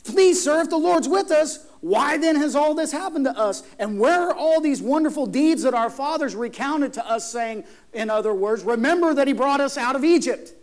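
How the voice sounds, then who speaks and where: A man's voice: very high voice, expressive, brisk, hardly any pauses. A man voicing a doubting young man who protests and pleads that he is a nobody. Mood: pleading. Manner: pleading, incredulous.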